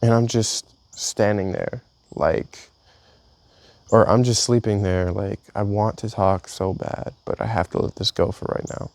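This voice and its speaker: A young man reads entries from his own journal aloud in a casual, halting way, often restarting his sentences. His voice sits low and has a gravelly, rough edge to it. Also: a little mellow, no echo. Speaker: vlogger. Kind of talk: reading a personal journal aloud.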